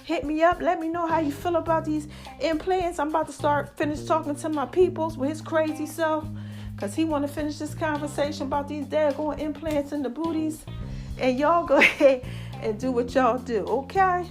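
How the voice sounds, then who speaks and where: A woman's voice: high-pitched, steady tone, moderate pace, over music. A woman hosting her own podcast in casual solo chat, laughing often and calling her listeners baby and y'all. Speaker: podcast host.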